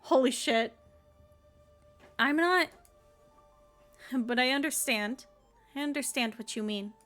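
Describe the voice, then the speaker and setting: A woman's voice: high voice, takes it slowly, fairly bright tone, faint music behind. A woman streamer casually commenting on a story game as she plays, chatty and rambling and often laughing.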